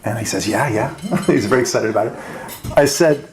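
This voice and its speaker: A radio talk show host giving a speech to a dinner audience, punchy and rhetorical, with frequent asides asking "right?" and small laughs. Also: male voice, mid-range voice, animated, brisk, a little hiss or hum. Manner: conversational, with restarts and small laughs.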